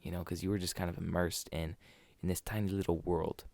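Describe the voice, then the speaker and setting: A man's voice: sits low, level tone, brisk, gravelly, darkish tone, dry recording. A man co-hosting a podcast, talking casually about movies, rambling and restarting his sentences. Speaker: podcast co-host. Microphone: desk podcast mic.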